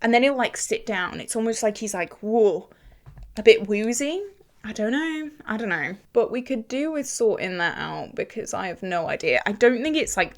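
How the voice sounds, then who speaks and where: Animated woman telling a story. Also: medium pitch. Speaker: beauty vlogger. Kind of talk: casual storytelling while doing makeup.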